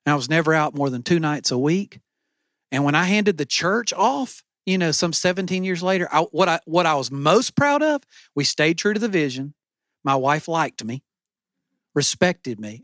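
Man, middle-aged pastor, sermon, emphatic repeated phrases, fairly high voice, dry close sound. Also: fairly bright tone, no room sound. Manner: emphatic, repetitive preaching cadence. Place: church stage.

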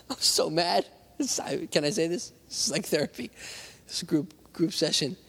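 A man's voice: fairly high pitch, expressive, normal speed, breathy edge. A male pastor preaching a conversational sermon, acting out little voices and talking straight to the congregation. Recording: long hall reverb.

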